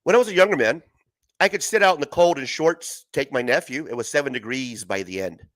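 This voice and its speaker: Man doing a wry older storyteller, mock-serious, slow, bright voice, dry close sound. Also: mid-range voice, lively intonation, no room sound, voice pushed down, close to an everyday voice.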